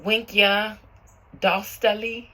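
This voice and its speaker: A young woman hosting her own channel as a tarot reader, chatting warmly with viewers and calling them boo and y'all as she reads out their comments. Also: mid-range voice, little pitch movement, slow pace. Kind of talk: casual chat to viewers, reading out comments.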